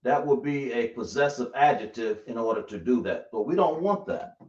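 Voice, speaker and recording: A man teaching a class live, explaining slowly and repeating himself as he checks that everyone follows. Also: medium pitch, animated. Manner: slow, repetitive explaining, checking the class often. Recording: echoey room, dull lo-fi sound.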